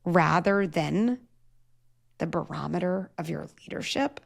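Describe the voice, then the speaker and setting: A woman's voice: on the low side, lively intonation, measured pace, creaky. A woman in her forties, a parenting psychologist guest, talking earnestly in an interview and acting out quoted lines. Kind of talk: conversational interview.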